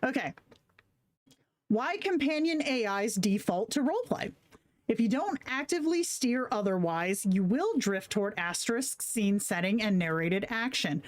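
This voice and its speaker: A woman's voice: fairly high pitch, lively intonation, moderate pace. A woman hosting a live stream, chatting casually with slang and swearing while reading chat comments aloud. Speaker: livestream host.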